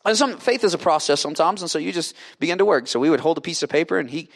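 A man preaching, telling a story with lively acted-out dialogue that swings from loud to hushed. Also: a little high, racing, creaky. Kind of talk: sermon storytelling.

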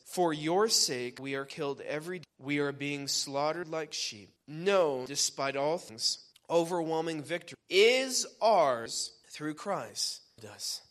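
A man with a high voice preaches a sermon to his congregation. He reads scripture aloud, then swings between loud, emphatic lines and soft asides. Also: animated, moderate pace. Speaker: pastor.

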